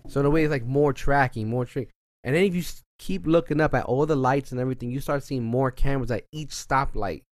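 A man's voice: mid-range voice, quick pace, dry recording, studio quality. A young man from the Bronx, rambling and swearing freely in casual podcast chat. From the Bronx, New York.

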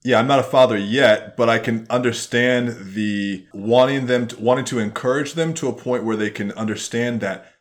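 A young adult man hosting a podcast. He muses reflectively and rambles with restarts, and he drops into quick put-on voices. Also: medium pitch, fairly even intonation. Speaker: podcast host. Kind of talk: casual chat.

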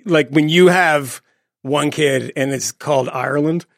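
Gravelly guy on a podcast, kinda high, joking around, dry close mic. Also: unhurried, no echo. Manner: jokey, laughs often, slips into mock voices. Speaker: podcast co-host. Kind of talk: casual banter.

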